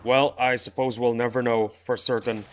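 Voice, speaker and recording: A man's voice: medium pitch, little pitch movement, moderate pace. A man livestreaming a game, chatting casually with his viewers in a playful, rambling, teasing way. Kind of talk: casual chat with live viewers.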